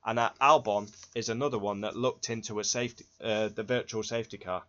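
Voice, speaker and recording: A man running through race results in a blunt, sweary and excitable reaction. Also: on the low side, a little fast. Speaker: Formula One fan channel host. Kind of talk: casual race reaction rundown. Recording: dull lo-fi recording.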